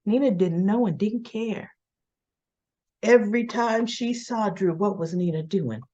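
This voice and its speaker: A woman's voice: medium pitch, lo-fi sound. A woman in casual chat, giving a chatty, opinionated recap of a soap opera episode. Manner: chatty and opinionated, acts out dialogue.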